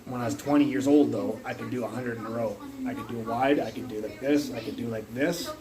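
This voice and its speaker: A man's voice: medium pitch, fast, crowd noise, rough recording. Rambling man on a phone livestream. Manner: rambling storyteller, swearing, jumping between topics. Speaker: livestream host. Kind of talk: rambling casual livestream chat.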